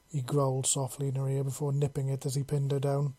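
A narrator reading a chapter of fan fiction aloud with steady, even pacing. The voice is very dark and mellow, and the recording is dry and close with no room sound. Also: mid-range voice, quick pace, hardly any pauses, no echo. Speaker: audiobook narrator.

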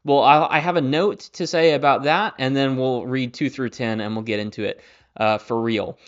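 A young man hosting a Bible study podcast, talking in a relaxed, conversational way with plenty of fillers and restarts. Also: medium pitch, normal speed. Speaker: Bible teacher and podcast host. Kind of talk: casual Bible study talk. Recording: slightly dull lo-fi audio.

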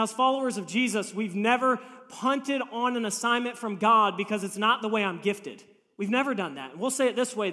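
High bright-voiced male pastor preaching. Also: big-room sound. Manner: humorous storytelling, acts out quoted voices. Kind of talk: sermon. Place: church sanctuary.

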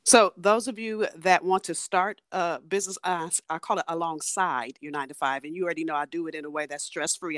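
Fast-talking woman coach in her forties. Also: deep voice, no room sound, studio quality. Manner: lively storyteller, talks in rapid bursts. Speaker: business and transformation coach. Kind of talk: guest in a podcast interview.

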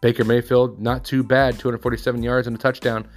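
A man's voice: mid-range voice, level tone, quick pace, soft background music. A man, casually running through sports scores and headlines with offhand personal asides. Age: 30s. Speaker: sports recap host.

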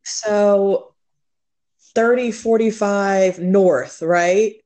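A woman co-hosting a podcast, chatting casually, laughing easily and speaking in a measured way about herself. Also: mid-range voice, mellow. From grew up in Virginia, born abroad to a military family. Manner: laughs easily, measured when telling her story. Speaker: podcast co-host.

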